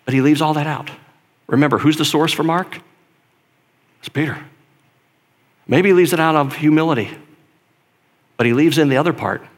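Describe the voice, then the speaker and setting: A man preaching a sermon in a conversational, emphatic way, dropping to a hush and then building to loud stress. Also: on the high side, moderate pace, long pauses. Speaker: pastor.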